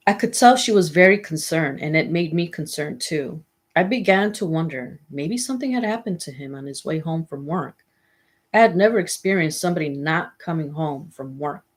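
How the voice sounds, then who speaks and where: A woman reading a memoir aloud in steady first-person storytelling. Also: deep voice, slightly rough. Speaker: memoir reader. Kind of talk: audiobook reading.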